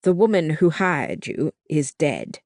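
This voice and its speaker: A reader voicing a lean old man who speaks in a calm, clipped, controlled way. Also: mid-range voice, a little slow, no echo, studio quality. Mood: commanding.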